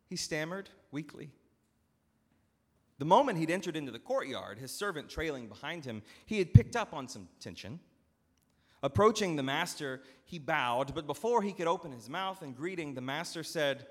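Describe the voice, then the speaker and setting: A male pastor telling a story in a sermon with dramatic, expressive narration, recorded in a church. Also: mid-range voice, normal speed. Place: church sanctuary. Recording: long church hall reverb.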